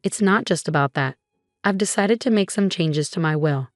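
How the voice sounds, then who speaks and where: A man's voice: fairly high pitch, moderate pace, no echo, clean studio sound, lightly acted. A woman reading as a cold, scornful drunk father. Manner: blunt and scornful. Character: drunk, cold, dismissive middle-aged father.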